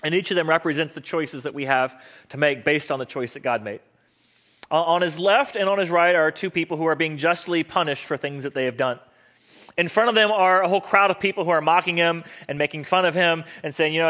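Earnest, bright-voiced male pastor preaching. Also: fairly high pitch, brisk. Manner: conversational, earnest storytelling. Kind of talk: sermon.

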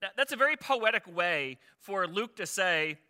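A male pastor gives a chatty, conversational sermon, often turning to his listeners with rhetorical questions. His voice is a little high and very bright, with a sharp edge. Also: animated, moderate pace, clear, resonant tone.

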